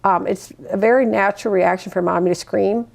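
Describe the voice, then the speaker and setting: A woman's voice: medium pitch, steady tone, brisk, creaky, darkish tone. An older woman, a mother of fourteen, chatting in a sit-down interview and telling parenting stories, acting out what she says to her kids. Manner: chatty storytelling, acts out her own words to her kids.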